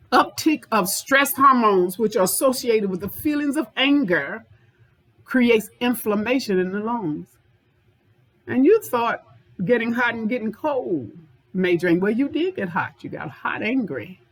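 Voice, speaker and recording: A woman's voice: mid-range voice, low-quality recording. A woman anger management therapist giving an informal self-help talk, speaking directly to viewers and repeating points for emphasis.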